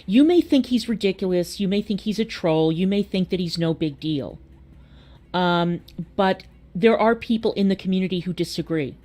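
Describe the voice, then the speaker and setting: A woman's voice: on the low side, lively intonation, moderate pace, warm tone. A woman in a played clip, ranting indignantly and insisting others have her story wrong. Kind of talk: heated online rant.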